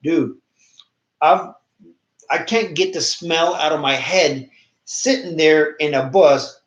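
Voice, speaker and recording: A man co-hosting a podcast, telling a personal story in animated casual chat, swearing freely. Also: a little high, slow. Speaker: podcast co-host. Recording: echoey room, dull lo-fi sound.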